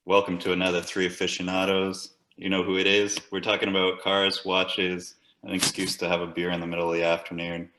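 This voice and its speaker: Deep-voiced joking podcast host, roomy sound. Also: male voice, monotone, a little fast, few pauses, bright, forceful tone. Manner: crude, joking, profane. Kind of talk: casual chat. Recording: roomy echo.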